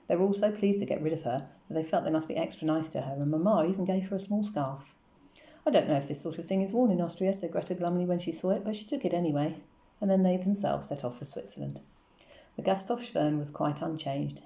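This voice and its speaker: Low, mellow woman reading a novel aloud. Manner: measured, gently expressive. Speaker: audiobook reader. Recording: roomy echo.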